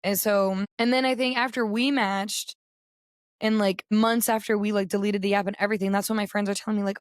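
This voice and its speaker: Chatty raspy-voiced young woman. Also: medium pitch, a little fast, no room sound, studio quality. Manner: chatty, animated storytelling. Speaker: podcast co-host. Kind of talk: casual chat.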